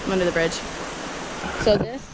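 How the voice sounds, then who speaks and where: A woman's voice: mid-range voice, moderate pace, background noise. A young woman chatting casually while hiking, giggly and self-deprecating, filmed on a handheld camera outdoors by flowing water. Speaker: vlogger.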